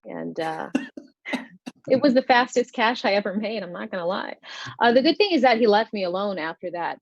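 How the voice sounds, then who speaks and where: An American woman with a lowish voice does a stand-up comedy set over a video call, spinning wry, conversational stories packed with fillers. The audio is dull and has no room sound.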